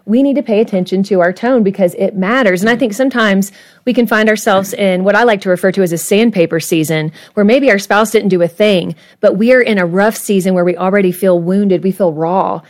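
A woman's voice: mid-range voice, a little fast, darkish tone. Brief: woman guest counselor, mid-range voice, earnest and conversational. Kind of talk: conversational interview.

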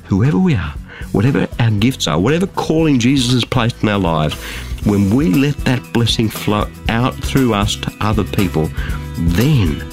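A man's voice: fairly low pitch, big pitch swings, moderate pace, faint music behind. A man preaching a sermon from a studio, emphatic and full of rhetorical questions. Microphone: close studio mic.

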